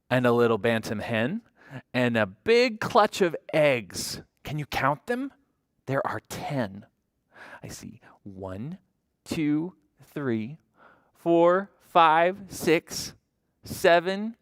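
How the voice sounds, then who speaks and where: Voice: medium pitch, very animated, slow pace, a bit bright, dry recording, studio quality. A children's librarian reading a picture book aloud to toddlers, imitating animal sounds and asking the children questions.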